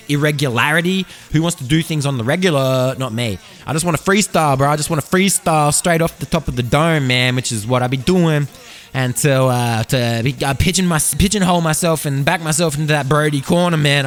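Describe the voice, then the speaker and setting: An Australian man hosting a solo podcast, freestyling a rambling, profane monologue full of slang, close on a studio condenser mic. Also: mid-range voice. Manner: rambling, profane, slangy, drifting loud and soft. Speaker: podcast host.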